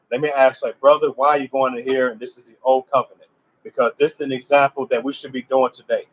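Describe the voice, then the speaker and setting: A fast-talking man with a medium-pitched, level tone is heard over poor audio. In a conversational, emphatic religious talk, he fires rhetorical questions at his listeners, his phrasing loose and full of restarts.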